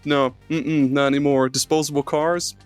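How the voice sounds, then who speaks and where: A man's voice: on the high side, flat delivery, normal speed, no room sound, soft background music. Rambling joking man podcast host. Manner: spins an absurd joke bit with rambling asides. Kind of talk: casual comedic podcast banter.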